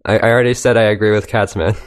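A man in a casual group chat who jokes in a flat, gloomy deadpan. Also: on the low side, rapid-fire, dry recording.

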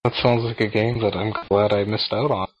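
A man's voice: lowish voice, little pitch movement, a little fast, breathy edge, dull audio. A man co-hosting a stream, chatting casually and hesitantly. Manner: hesitant with fillers. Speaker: stream co-host. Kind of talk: casual chat.

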